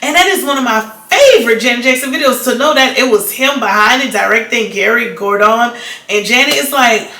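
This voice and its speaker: Woman vlogger, casual rambling chat, sharp bright tone, roomy echo. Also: fairly high pitch, brisk. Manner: chatty, rambling, many "like"s and restarts. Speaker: vlogger reviewing a documentary.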